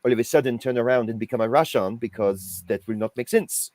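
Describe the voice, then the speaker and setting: A man's voice: medium pitch, a little fast, a little mellow, no room sound. A man who acts in stage plays, explaining things directly to listeners in a casual chat. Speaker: actor guest.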